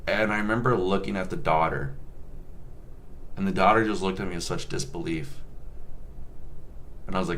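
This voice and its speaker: A man telling a story from his shifts as a nurse, loose and casual, swearing freely and joking as he goes. His voice is forceful and bright, sitting a little low in pitch, with faint ambience behind him. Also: moderate pace, pauses often, a little hiss or hum. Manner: animated, profane, joking.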